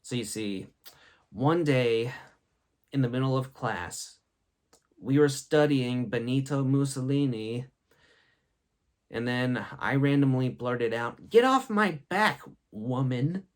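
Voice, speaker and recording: A man's voice: medium pitch, fairly even intonation, slow, long pauses, darkish tone. A young man hosting a show, telling funny school stories and laughing at his own jokes. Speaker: host. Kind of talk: comedic storytelling.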